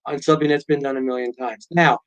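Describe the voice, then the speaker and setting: A man's voice: mid-range voice, fast, clean tone, muffled recording. A middle-aged man, a guest author and pilot, telling stories in a casual interview and acting out quotes. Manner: animated storyteller, acts out quotes.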